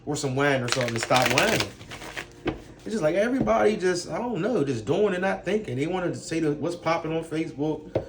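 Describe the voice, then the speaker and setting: A man's voice: a little high, expressive, a little fast, noisy background. A man ranting in a casual vlog, blunt and profane, firing off rhetorical questions. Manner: blunt, profane street talk. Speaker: vlogger. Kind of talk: casual rant to camera.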